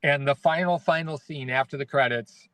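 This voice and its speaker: A man's voice: on the high side, moderate pace, fairly bright tone, no echo. Teasing man co-host, dry sound. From United States. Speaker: film critic. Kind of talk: casual film review chat.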